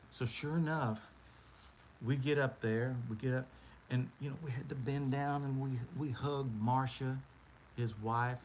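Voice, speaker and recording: A man's voice: medium pitch, slight background noise, rough recording. Laid-back rambling male storyteller. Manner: rambling, laid-back, peppered with "man" and "you know". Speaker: live-stream host. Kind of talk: casual storytelling.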